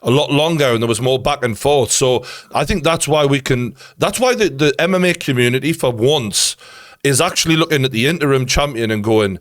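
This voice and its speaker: A man's voice: mid-range voice, moderate pace, dry recording. Male interview host, mid-range voice, chatty and analytical, dry close sound. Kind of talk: casual interview chat.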